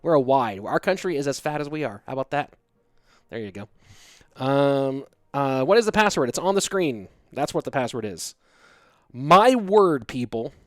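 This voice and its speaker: A man's voice: medium pitch, animated, normal speed, no room sound, clean studio sound. Joking, chatty streamer guy. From United States. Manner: chatty, joking, rambling asides. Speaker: stream host running a game tournament. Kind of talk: casual live-stream chat, reading chat aloud. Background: faint music.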